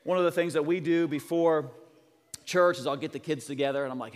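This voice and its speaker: A man in his thirties preaching a sermon, telling family stories with lively swings from soft to loud. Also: fairly high pitch, fairly quick. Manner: animated storyteller, acting out family dialogue, swings from soft to loud. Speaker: pastor. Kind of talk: sermon storytelling. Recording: long hall reverb.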